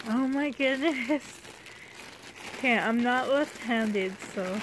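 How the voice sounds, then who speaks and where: A young woman talks slowly through an unboxing at home, her voice a touch high. She gushes with delighted exclamations as she shows off each gift. A faint hiss sits behind her voice. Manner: gushing, excited exclamations. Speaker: vlogger. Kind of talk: unboxing vlog chat.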